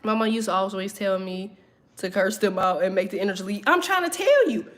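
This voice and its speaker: A woman's voice: medium pitch, expressive, fairly quick. A young woman, teaching a tarot class and talking bluntly with constant cursing. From Southern United States. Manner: blunt, heavy cursing, emphatic. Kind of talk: profane motivational talk to viewers.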